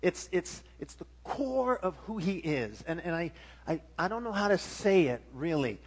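A man's voice: fairly high pitch, very animated, normal speed, slight background noise. A middle-aged man preaching a sermon as pastor, emphatic with frequent restarts and swelling volume.

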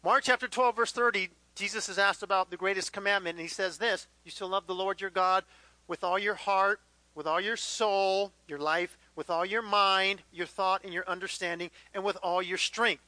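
Male pastor, high and sharp-toned, chatty sermon delivery, dry close sound. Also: steady tone, normal speed, no echo, low-quality recording. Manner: conversational, acts out little dialogues with the congregation. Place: church hall with live congregation.

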